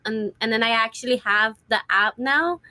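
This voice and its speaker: A woman's voice: on the high side, moderate pace, pushed and bright, no echo. A young woman co-hosting a student radio chat, giggling and leaning on fillers like "like". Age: young adult. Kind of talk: casual chat.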